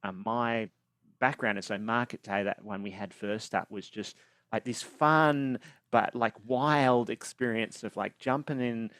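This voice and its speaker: A man's voice: medium pitch, fairly even intonation, a little slow, a bit bright, no room sound. A young Australian man, a singer-songwriter, talking thoughtfully about his songwriting over a remote call. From regional Australia. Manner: thoughtful, reflective, with fillers. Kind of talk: relaxed interview talk.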